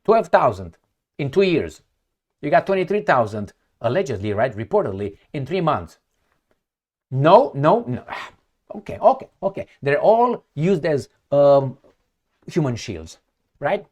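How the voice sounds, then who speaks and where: A man's voice: a little high, very animated, measured pace, darkish tone. A man reading news aloud and reacting with heated sarcasm, often searching for words and repeating himself as he goes. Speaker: political commentator.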